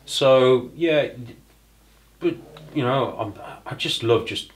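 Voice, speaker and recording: A man chatting casually at a round table about breeding snakes, talking haltingly with many fillers and restarts. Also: mid-range voice, low-quality recording.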